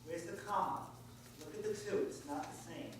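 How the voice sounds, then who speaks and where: Recorded from a distance in an echoey church sanctuary, a male pastor preaches in a conversational, informal style and poses questions to the congregation as he goes. His voice sits high and moves at a normal speed, with background noise present.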